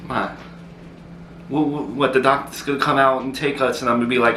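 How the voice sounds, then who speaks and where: A man acting in a comedy sketch, exasperated and quick to argue back. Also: medium pitch, level tone, bright, forceful tone, echoey room, slight background noise, rough recording.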